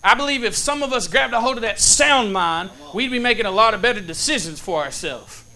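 A man's voice: high-pitched, lively intonation, fairly quick, vocal fry, pushed and bright. A man preaching a sermon, telling a story in a folksy, casual way and checking in with the congregation. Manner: storytelling with call-and-response asides.

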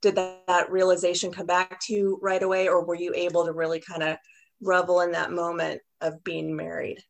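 Gravelly-voiced woman host, emotional. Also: fairly low pitch, little pitch movement, a little fast. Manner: emotional, warm-hearted praise, near tears. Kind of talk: podcast interview.

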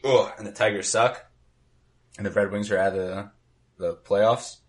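Low husky man in easygoing sports chat. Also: steady tone, normal speed.

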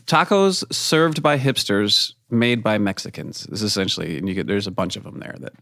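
A man's voice: lowish voice, expressive, brisk, vocal fry, fairly bright tone, no echo, clean studio sound. A man co-hosting a casual podcast chat, laughing often as he reads aloud. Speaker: podcast co-host.

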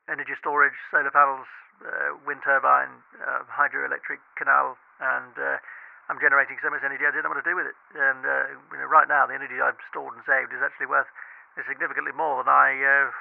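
A man doing a smug gravelly caller. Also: medium pitch, little pitch movement, no echo. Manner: smug, halting with many uhs. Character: smug self-satisfied male off-grid caller. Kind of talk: comedic radio phone-in sketch. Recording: dry phone-line audio.

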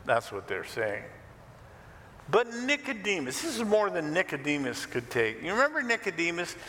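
Animated male pastor preaching in a hall. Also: high-pitched, moderate pace, a little hiss or hum. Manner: animated, conversational, joking asides. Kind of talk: expressive sermon teaching.

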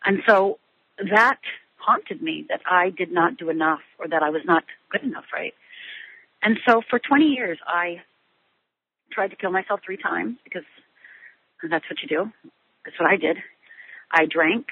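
A middle-aged woman being interviewed, telling her personal story in a halting way with many restarts and fillers. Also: lowish voice, husky, no room sound. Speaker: guest. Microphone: phone line. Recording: tinny phone line.

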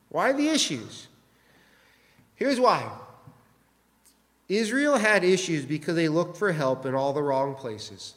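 A man's voice: a little high, lively intonation, slow pace, pauses often, fairly bright tone, long reverb tail. A man preaching a sermon as pastor, pressing his listeners with many rhetorical questions.

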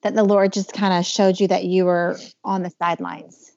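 A woman's voice: fairly low pitch, level tone, moderate pace, darkish tone, dry recording. A woman hosting a podcast, asking questions in a thoughtful, meandering way with fillers. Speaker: podcast host. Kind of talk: interview questions, casual. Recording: dull, slightly muffled podcast audio.

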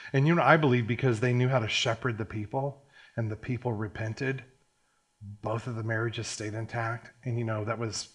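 Animated middle-aged male preacher. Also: mid-range voice, creaky, husky. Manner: animated storyteller, acts out quotes. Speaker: pastor. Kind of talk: sermon with personal story.

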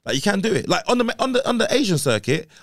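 A young comedian talks in a casual, animated way and laughs loudly. His pitch rises and falls a lot. The sound is dry and close to the mic. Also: fast talker, no room sound. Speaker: stand-up comedian guest. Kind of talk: casual podcast chat.

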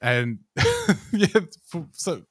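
A podcast co-host who trades easy, joking banter in a casual chat. His voice is a middle-pitched man's voice. It sounds dry and close to the mic, with no room in it. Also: lively intonation, extremely slow, fairly bright tone, no room sound. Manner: joking, laid-back banter.

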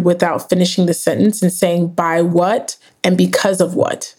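Therapist lady on a podcast, kinda lowish voice, explains stuff, says "right?" a lot. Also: steady tone, measured pace, darkish tone. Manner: earnest, explanatory, frequent "right?". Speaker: therapist and author. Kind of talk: interview conversation.

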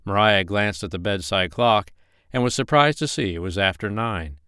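A man with a very low, smooth and resonant voice reads a romance novel aloud. The sound is close and dry, and his delivery is steady and even. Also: normal speed, no echo. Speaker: audiobook narrator. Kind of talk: scripted narration.

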